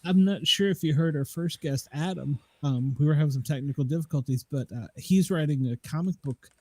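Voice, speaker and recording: Husky Southern man hosting. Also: fairly high pitch, fairly quick, mellow, no echo. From Southern United States. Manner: jokey, enthusiastic. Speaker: podcast host. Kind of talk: casual interview chat.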